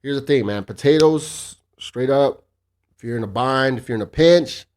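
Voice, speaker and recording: A man's voice: medium pitch, moderate pace, darkish tone, clean tone. A man in his thirties hosting a solo podcast, swearing freely and ranting in a cocky, casual way. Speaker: podcast host.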